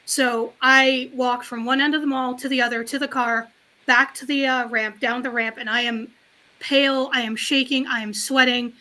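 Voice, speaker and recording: A woman chatting casually on a livestreamed talk show, telling a long story in an animated, frank, rambling way. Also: on the high side, normal speed. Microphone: livestream call mic.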